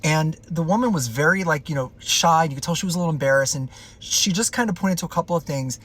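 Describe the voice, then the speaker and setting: A man's voice: a little high, fast talker, a bit bright. A man casually recounting a personal story in a chatty, loose way, with plenty of filler words.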